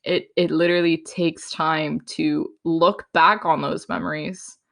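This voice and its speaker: A woman's voice: sits low, little pitch movement, a little slow, creaky, a bit bright. A young woman hosting a solo podcast, chatting frankly and casually, full of fillers, sometimes acting out her own inner voice. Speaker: podcast host.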